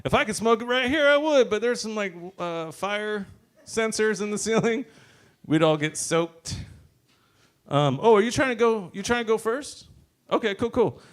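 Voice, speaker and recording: A man's voice: sits high, expressive, moderate pace. A man hosting an open mic comedy night on a wireless mic in a brewery, rambling and laughing at his own jokes. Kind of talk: stand-up banter. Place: brewery bar with ceiling sensors. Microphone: wireless handheld mic.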